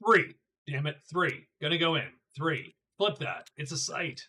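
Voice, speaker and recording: A fairly high, pushed, bright voice with a breathy edge swings widely in pitch and moves a little slowly. It belongs to a middle-aged man casually chatting with viewers while playing a solo board game on stream, thinking aloud and repeatedly stumbling over words.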